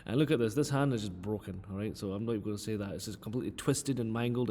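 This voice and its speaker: Man, physics teacher, casual storytelling, mellow voice, reverberant room, playful mock outrage. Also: medium pitch, quick pace, few pauses.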